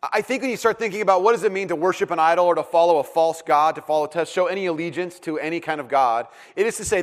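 A middle-aged man preaching a sermon in a casual, joking and animated way, with plenty of fillers and restarts. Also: fairly high pitch. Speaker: pastor.

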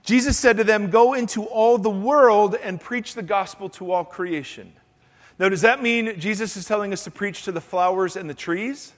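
A man's voice: high voice, normal speed, long reverb tail. A male pastor giving a sermon to his congregation, breaking in with playful joking asides. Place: church sanctuary.

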